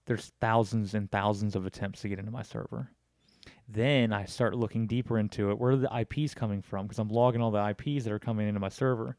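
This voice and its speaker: A man hosting a casual chat, telling stories with lively acted-out dialogue. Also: fairly low pitch, fast talker, no echo, clean studio sound. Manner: animated storyteller acting out both sides of phone calls.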